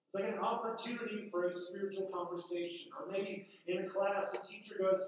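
A man with a fairly high voice preaches in a loose, conversational way. He tells stories and slips into quick asides. The sound is very echoey, with the mic set well back from him in what sounds like a big hall. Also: steady tone. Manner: casual, storytelling with acted asides. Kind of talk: conversational sermon. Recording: echoey room, mic far off.

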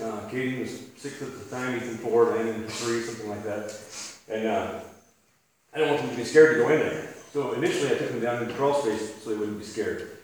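A man in his thirties preaching to an audience in a conversational storytelling way, chuckling and restarting his sentences. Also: medium pitch. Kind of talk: storytelling sermon. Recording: echoey room, distant mic, faint hiss.

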